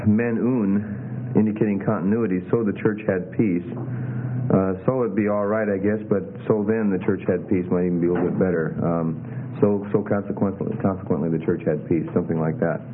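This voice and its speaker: A man teaching a classroom lesson on Greek grammar, relaxed and hesitant, with many fillers. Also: low-pitched, brisk. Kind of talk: classroom lecture. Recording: tinny lo-fi with faint hiss.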